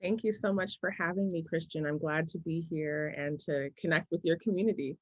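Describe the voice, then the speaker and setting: A woman in her forties, a business coach, answering interview questions in a thoughtful, story-telling way that often slows down to make a point. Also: low voice, a little mellow, dry recording, lo-fi sound.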